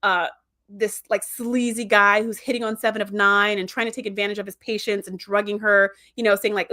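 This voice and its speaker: A woman's voice: mid-range voice, sharp tone. A woman hosting a podcast, giving a casual, rambling recap of a TV episode, correcting herself often and laughing easily. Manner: chatty, rambling, self-correcting, quick to laugh. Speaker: podcast host.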